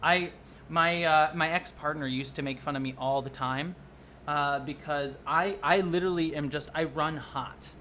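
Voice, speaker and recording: Rambling, excitable streamer chatting from home at a mid-range pitch; quick to apologize. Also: slight background noise. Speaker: livestreamer and video producer. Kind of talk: casual livestream chat. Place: at home under a blanket.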